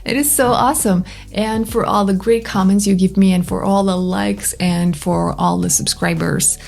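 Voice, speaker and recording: A young Norwegian woman with a Norwegian accent chats candidly to camera, sometimes dropping into soft whispers. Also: medium pitch, fairly even intonation, normal speed, gravelly, faint music behind. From Norway. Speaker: vlogger. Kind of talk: casual chat to camera.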